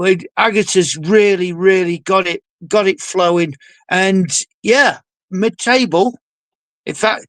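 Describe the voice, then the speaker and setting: A man's voice: high voice, fairly bright tone, dry recording. A man co-hosting a football podcast who sounds exuberant and jokey, with theatrical asides. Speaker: podcast co-host. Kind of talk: casual football podcast chat.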